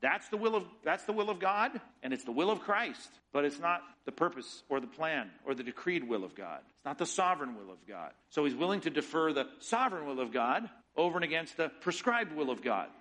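A man's voice: on the high side, sing-song, brisk, few pauses, fairly bright tone, low-quality recording. A middle-aged man preaching a sermon as pastor, teaching with emphatic rhetorical questions.

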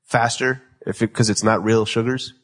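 Male host, twenties, husky, jokey casual banter. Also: lowish voice, fairly even intonation, normal speed. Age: 20s. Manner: loose, joking, laughs often. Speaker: podcast host. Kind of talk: casual chat.

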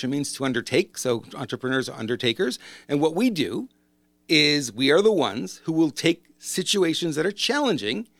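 A man's voice: medium pitch, no echo. Chatty man coaching business owners, dry sound. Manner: rambling, conversational, self-correcting. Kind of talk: casual monologue to camera.

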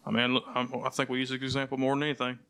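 Man, podcast co-host, bright tense tone, eager quick remarks, casual chat. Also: medium pitch, completely flat delivery, clean tone.

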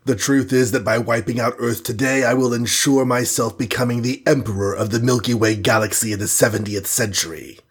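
A man's voice: medium pitch, brisk, few pauses, breathy edge, lightly acted. A man reading a storybook and voicing a scheming alien villain from the future, condescending and bland, sprinkling in foreign words. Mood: smug. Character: sneering scheming male alien time-traveler villain.

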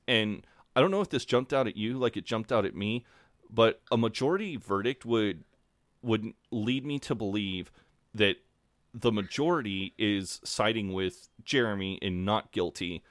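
Man, podcast co-host, low pitch, relaxed chatty delivery, dry sound. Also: normal speed, no room sound. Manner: relaxed, many fillers, acts out quotes. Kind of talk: casual chat recapping a TV episode.

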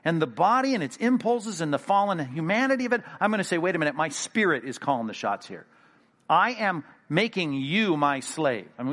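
Male pastor, emphatic and animated sermon delivery, fairly high-pitched voice. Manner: animated, emphatic preaching with sudden loud bursts.

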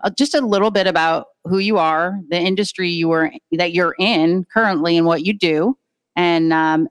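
A woman's voice: on the low side, clean tone. A woman co-hosting a podcast, introducing a guest in an upbeat, casual way and stumbling over her words now and then. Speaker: podcast co-host.

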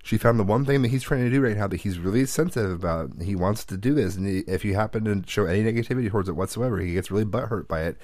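A man in casual chat, telling family stories with animated quoted voices and laughter. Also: fairly low pitch, very fast, hardly any pauses, dry recording, clean studio sound. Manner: animated storyteller who acts out quotes, laughs, swears.

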